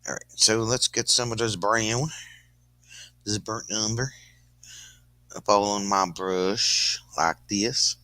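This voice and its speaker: A man's voice: fairly low pitch, slow pace, pauses often, bright, forceful tone, dry recording. A man giving a casual, joking painting lesson on a live stream, rambling with lots of fillers and breaking into song now and then. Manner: goofy, sings snatches of song, puts on a folksy drawl; rambling, many fillers like "kinda, like". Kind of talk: casual painting demo with jokes.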